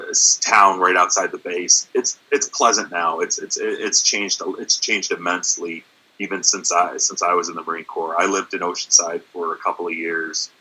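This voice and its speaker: A guest comedian, a man with a lowish voice, chats in a relaxed, rambling way. His tone is very bright and sharp. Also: poor audio. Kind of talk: casual chat.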